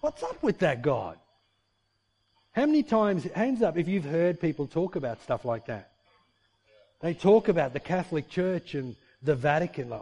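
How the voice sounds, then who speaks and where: High-voiced man preaching. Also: moderate pace, breathy edge. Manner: conversational preaching with rhetorical questions; animated, shifting pace for emphasis. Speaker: pastor. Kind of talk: sermon.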